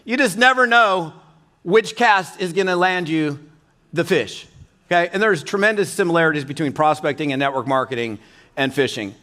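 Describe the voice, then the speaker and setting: High, bright-voiced man telling stories on stage. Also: normal speed. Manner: animated, folksy, acts out quotes. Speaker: keynote speaker. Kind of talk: motivational keynote storytelling. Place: conference stage.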